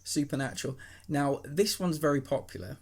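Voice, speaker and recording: A podcast host asking questions in a relaxed, curious manner. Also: mid-range voice, normal speed, vocal fry, breathy edge. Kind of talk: casual interview chat.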